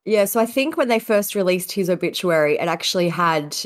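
Congested woman, low voice. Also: animated, fairly quick. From Australia. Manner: laughs often. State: congested from a cold. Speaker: podcast co-host. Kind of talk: casual chat.

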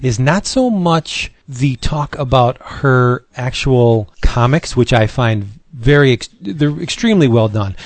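A man with a middle-pitched voice chats enthusiastically about comics as a podcast host. His voice is dry and close, with no room sound. He rambles in a friendly, easygoing way. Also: dry recording. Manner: enthusiastic, chatty. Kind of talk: casual chat.

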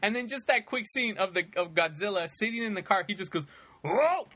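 A man hosting a casual chat about movies, telling scenes in an animated way with lots of fillers and frequent laughter. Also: high voice, quick pace. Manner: animated storytelling, many fillers, laughs often.

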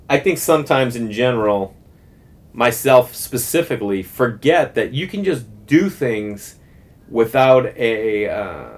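A man in his thirties hosting a podcast, telling a long casual story, rambling and animated with lots of fillers and restarts. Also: medium pitch. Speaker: podcast host.

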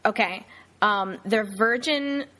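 A woman from New Jersey speaks with a New Jersey accent in easygoing podcast chat. She talks in a chatty way and pauses on fillers while she gathers her thoughts. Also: fairly high pitch, pushed and bright. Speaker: podcast co-host. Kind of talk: casual chat.

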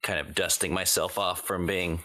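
Low-voiced man player, blunt and gruff. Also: steady tone, moderate pace, sharp tone. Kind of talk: casual tabletop play.

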